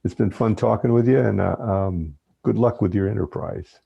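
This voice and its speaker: An easygoing man talks as a podcast guest in a very deep, dark voice. His tone is gravelly and husky, and he tells stories at an unhurried pace. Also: highs cut off. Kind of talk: casual interview chat.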